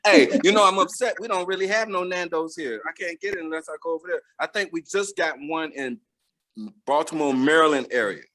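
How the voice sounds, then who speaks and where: A man's voice: on the high side, a little fast, bright, forceful tone. A middle-aged man, chatting playfully as an interview guest, laughing often and using many fillers. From United States. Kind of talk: casual interview chat.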